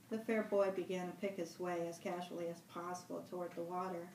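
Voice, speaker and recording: Woman library director reading a novel aloud, steady, echoey and distant. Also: fairly low pitch, brisk, a little hiss or hum. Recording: roomy room, mic at a distance.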